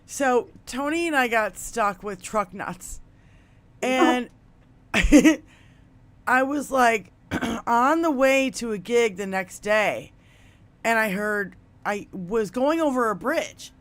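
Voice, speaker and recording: High bright laughing woman storyteller. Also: lively intonation, slow. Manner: loud, laughing storyteller, swears often. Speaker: podcast co-host. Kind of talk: profane casual chat.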